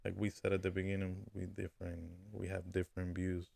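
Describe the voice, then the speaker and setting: Gravelly laid-back man co-hosting. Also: low voice, completely flat delivery, a little fast, darkish tone, no echo. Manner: laid-back, rambling, mixes in Spanish words. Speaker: podcast co-host. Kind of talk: casual podcast chat.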